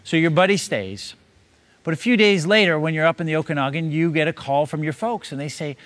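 A man's voice: fairly high pitch, fast, a bit bright. A man preaching, building a long parable scene by scene and urging the listener to imagine it. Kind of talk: sermon told as a long parable.

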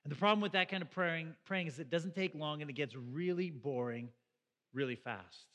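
Male pastor, high bright voice. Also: normal speed, long reverb tail. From Canada. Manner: conversational, asks the listeners questions. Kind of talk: sermon.

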